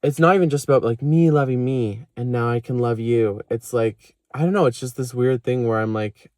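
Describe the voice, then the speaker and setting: A man's voice: medium pitch, moderate pace, darkish tone, dry recording, studio quality. A young man talking candidly to camera about self-worth and therapy, rambling with many fillers and quoting himself with laughs. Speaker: vlogger. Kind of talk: candid confessional vlog.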